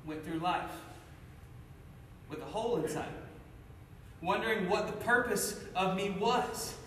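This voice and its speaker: Guy from cincinnati giving his testimony, kinda high voice, big echoey hall, mic far off. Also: expressive, measured pace, slight background noise. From Cincinnati, USA. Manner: intense storytelling, swinging between loud and hushed. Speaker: speaker sharing his testimony. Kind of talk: personal testimony to an audience.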